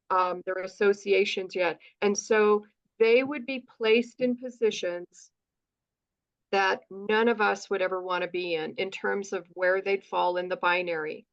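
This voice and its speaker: A woman's voice: medium pitch, highs cut off. A woman from the United States, a guest in an interview, telling her story with lots of acted-out dialogue and frequent asides of "right?". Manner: animated, acts out dialogue, says "right?" often.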